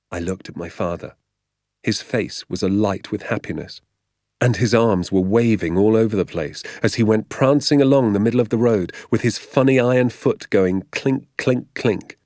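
A man narrating a storybook as an audiobook reader, in measured, lively storytelling. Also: on the low side, no room sound, studio quality.

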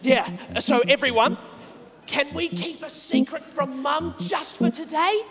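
A man's voice: very high-pitched, unhurried. A man presenting a children's make-believe adventure, coaxing and chatty as he invites the audience to join in. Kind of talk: playful make-believe for kids. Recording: reverberant room with music.

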